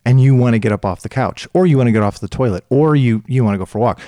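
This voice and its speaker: A middle-aged man with a Chicago accent, a podcast guest telling stories in a blunt, animated way. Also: medium pitch, rapid-fire, no echo, studio quality. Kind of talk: casual podcast chat.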